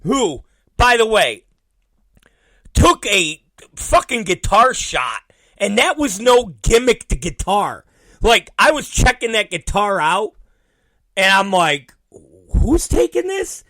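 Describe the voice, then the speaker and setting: A man's voice: high voice, very animated, takes it slowly, long pauses, pushed and bright, no echo, studio quality. A middle-aged man hosting his own show, telling a rambling, profane story and laughing at it. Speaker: podcast host. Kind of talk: casual storytelling monologue.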